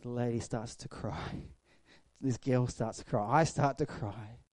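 A man, a pastor preaching a sermon, swinging between loud storytelling and hushed reflection. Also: mid-range voice, a little slow, no room sound.

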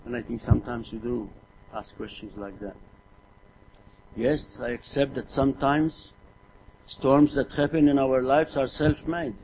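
An earnest middle-aged preacher delivers a sermon in a measured, a little mellow mid-range voice with fairly even intonation, often stumbling and repeating words. He keeps putting rhetorical questions to his congregation. The recording is rough, with faint noise underneath.

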